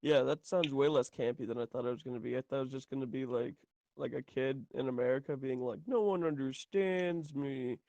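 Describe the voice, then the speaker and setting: A man's voice: mid-range voice, level tone, vocal fry, a little mellow, low-quality recording. A man chatting casually with friends before a tabletop game, joking around and slipping into silly voices. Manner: joking, puts on silly voices in quick bits.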